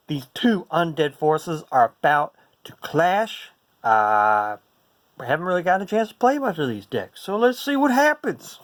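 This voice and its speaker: A man's voice: medium pitch, dry recording. A man casually commenting on a card game playtest in a playful, goofy way, full of jokes and silly asides. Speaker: card game player and host.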